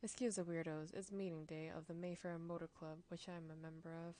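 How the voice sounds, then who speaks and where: A man's voice: a little high, little pitch movement, a little fast, warm tone, lightly acted. A woman streamer voicing a middle-aged male French biker who runs a record shop, speaking in a casual, teasing way with a French accent, in a story game.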